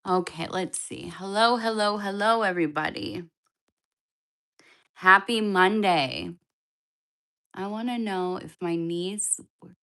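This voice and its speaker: A woman's voice: fairly low pitch, fairly bright tone. A woman giving tarot readings on a live stream, chatting loosely and speaking straight to her viewers. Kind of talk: casual live-stream reading, answering chat.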